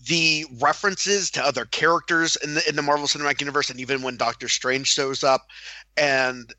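A fairly high, very bright male voice, eager and full of laughter as he retells favourite movie moments. He sounds close and dry on the mic, with no room around him. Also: fairly even intonation, a little fast, no room sound, low-quality recording. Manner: enthusiastic, laughs often, acts out movie lines. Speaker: podcast co-host. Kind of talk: casual film chat.

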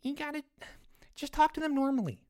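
Woman doing Jeffrey, a rambling excitable boy. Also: high-pitched, fairly quick. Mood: curious. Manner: scatterbrained, rambling, easily sidetracked. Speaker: podcast co-host. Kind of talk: comedic podcast banter.

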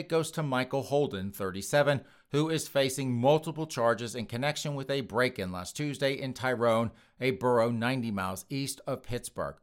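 An animated man hosts a comedy podcast, reading news items and riffing on them. His voice swings widely in pitch, and he keeps calling to his listeners and laughing through his remarks. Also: smooth. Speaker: podcast host.

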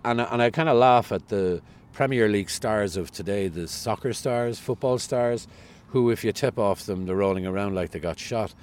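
Low-voiced Cork Irish newsreader chatting. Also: male voice, moderate pace, hardly any pauses, a little mellow. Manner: chatty, self-deprecating, storytelling. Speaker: radio newsreader, guest. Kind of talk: casual interview chat.

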